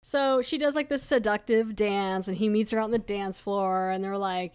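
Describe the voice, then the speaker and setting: A woman's voice: mid-range voice, moderate pace, darkish tone, clear, resonant tone, faint music behind. A chatty woman hosting a podcast and recapping an episode casually. She talks loosely, with lots of fillers and asides. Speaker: podcast host.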